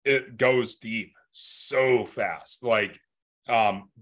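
A man's voice: mid-range voice, drawn-out words, a bit bright. A young man hosting a podcast, chatting in an easygoing, joking way. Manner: easygoing, joking, loose phrasing. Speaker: podcast host. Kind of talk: casual chat.

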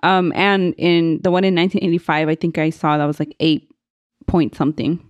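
A woman's voice: fairly low pitch, level tone, fairly quick, no room sound, muffled recording. A young woman co-hosting a podcast, chatting casually, laughing often and reading from her notes. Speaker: podcast co-host.

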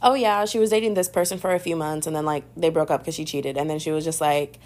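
A young woman hosting a podcast, chatting in a sassy, animated way about pop culture and calling the listener "babes.". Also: low-pitched, fast. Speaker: podcast host. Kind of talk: casual pop-culture gossip commentary.

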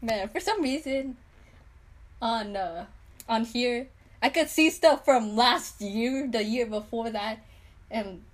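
A teenage girl with a slightly high voice hosts a casual podcast chat. She talks loosely, full of fillers, and giggles easily. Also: slow. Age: teens. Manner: giggly, filler-heavy chatter. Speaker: podcast host.

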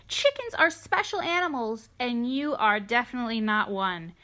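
A woman's voice: a little high, very animated, normal speed, bright, forceful tone. A woman reading aloud as a prim, proper hen in a children's storybook. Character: prim proper hen, firm and a little haughty.

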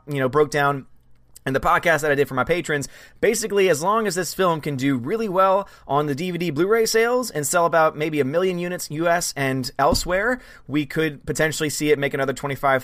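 This is a man hosting a casual live stream, reading out viewer comments and chatting back at them. His voice sits fairly high for a man and sounds close and dry. He talks in an animated, chatty way. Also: no echo. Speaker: livestream host.

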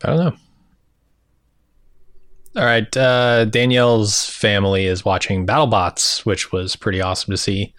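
A man co-hosting a casual podcast, recapping episode scenes from his notes in a relaxed, easygoing way. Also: on the low side, measured pace, pauses often, no room sound, clean studio sound. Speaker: podcast co-host.

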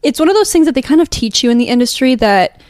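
A woman's voice: sits high, very animated, quick pace, a little mellow, no room sound. A young woman co-hosting a podcast at home, chatting in a casual, upbeat and rambling way about being a professional dancer. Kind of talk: casual chat. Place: home living room.

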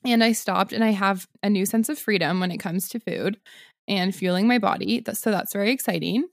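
A woman's voice: mid-range voice, fairly quick, gravelly, dry recording, clean studio sound. A young woman co-hosting a podcast, chatting casually with a friend, giggling and using lots of fillers. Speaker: podcast co-host. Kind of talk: casual chat.

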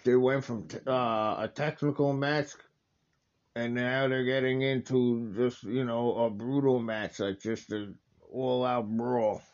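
A man's voice: medium pitch, fairly even intonation, unhurried, a little mellow, lo-fi sound. A man hosting a casual wrestling watch-along, talking in a rambling, enthusiastic way with lots of fillers and restarts.

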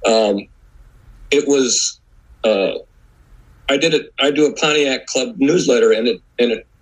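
A man's voice: medium pitch, unhurried, husky, low-quality recording. A man who is a guest author, talking in a rambling way with many fillers. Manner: rambling, lots of "you know" fillers. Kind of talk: casual conversation.

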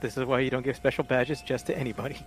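A man in a tabletop game, ribbing the others with dry, teasing remarks. His voice sits at a plain middle pitch. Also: level tone, very fast, a crowd in the background. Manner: wry, teasing. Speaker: player. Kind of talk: casual game chat.

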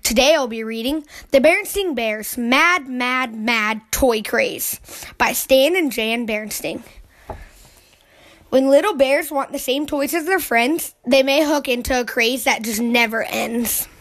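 A woman with a high, youthful voice reads a children's picture book aloud. She keeps the telling clear and friendly, and lifts into excited voices for the young characters. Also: measured pace. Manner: lively storybook reading with excited voices for the cubs.

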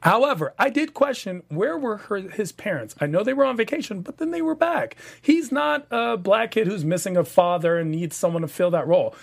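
A man with a notably high voice leads a casual TV after-show talk. He speaks in an animated, theatrical way, pushing his pitch up for audience appeals. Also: brisk, creaky, hardly any pauses. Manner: animated, theatrical call-to-action delivery. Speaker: podcast panel host.

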